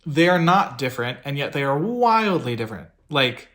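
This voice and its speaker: A man's voice: on the high side, sing-song, normal speed, fairly bright tone. A man co-hosting a podcast, talking in a casual, reflective way, rambling in fits and starts. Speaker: podcast co-host. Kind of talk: casual chat.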